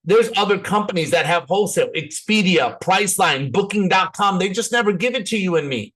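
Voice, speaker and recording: A man giving an energetic, persuasive sales presentation, often repeating words as he pushes ahead. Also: sits high, a little fast.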